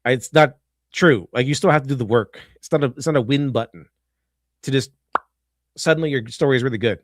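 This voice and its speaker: A man's voice: mid-range voice, brisk, no echo. Rambling male streamer, dry close mic. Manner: rambling, restarts often, laughs at his own points. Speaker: streamer reacting to a video. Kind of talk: casual live-stream commentary.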